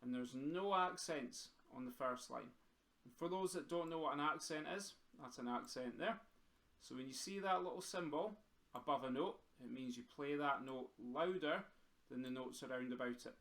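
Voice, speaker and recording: Scottish man teaching drumming, gravelly. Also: mid-range voice, moderate pace, a bit bright. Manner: encouraging, counts beats aloud while playing. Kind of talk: teaching over a video call, counting along. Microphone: video call. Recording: echoey room with snare drumming.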